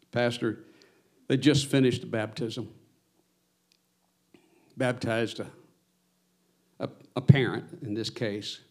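A man's voice: on the low side, a little mellow. A man preaching a sermon as pastor, earnest, his voice swelling on his exhortations.

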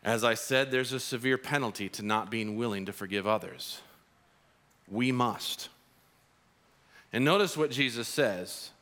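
A man preaching a sermon as pastor, telling a parable in an animated, storytelling way in a church. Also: mid-range voice, unhurried, long pauses. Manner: animated storytelling, acts out characters.

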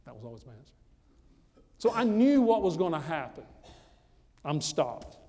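A man's voice: on the high side, sing-song, normal speed, mellow, long reverb tail. A man from the United States telling a personal testimony in a storytelling sermon, emphatic and repeating phrases for effect. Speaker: preacher giving a testimony.

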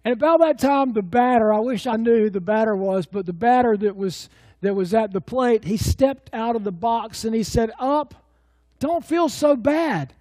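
A man's voice: high voice, normal speed, a little mellow, dry recording. A middle-aged man preaching a sermon as pastor, telling stories in a folksy way with many fillers and restarts.

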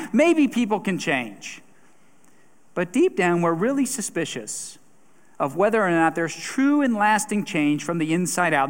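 A man's voice: high-pitched, fairly bright tone. A man preaching a sermon in a conversational way, with a few fillers and repeated words. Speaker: pastor. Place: church sanctuary. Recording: long church reverb.

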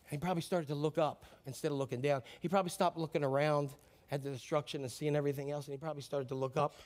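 A man with a fairly high voice preaches a sermon in a relaxed, conversational way. He acts out the quotes he reads and swings between quiet, heavy lines and sudden cheering bursts. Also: rapid-fire. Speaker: pastor.

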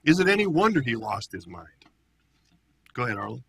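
Gravelly, bright-voiced male pastor. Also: mid-range voice, a little fast, dry recording. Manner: animated, conversational, acts out quotes. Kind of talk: Bible study teaching.

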